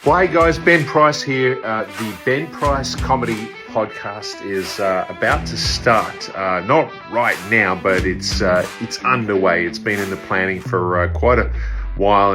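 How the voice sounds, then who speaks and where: A man putting on a loud male showbiz announcer voice with slow, hyped delivery. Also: fairly low pitch, over music, lightly acted.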